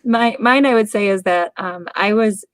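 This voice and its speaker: A woman's voice: mid-range voice, moderate pace, no echo. A woman co-hosting a podcast, chatty and loose, leaning on filler words, with a mid-range voice. The recording is dry and close-miked. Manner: chatty, uses lots of fillers like "like". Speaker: podcast co-host. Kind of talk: casual podcast chat.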